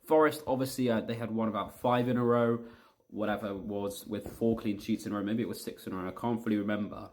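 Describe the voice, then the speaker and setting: A man's voice: lowish voice, steady tone, quick pace. A man giving a heated, blunt football match review as a fan vlogger, repeating himself and swearing.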